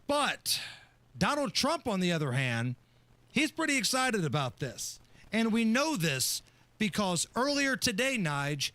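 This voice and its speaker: A sarcastic male talk radio host with a fairly high, bright and forceful voice. He laughs often and sounds close and dry in a studio booth. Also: very animated, unhurried, no echo. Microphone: studio microphone.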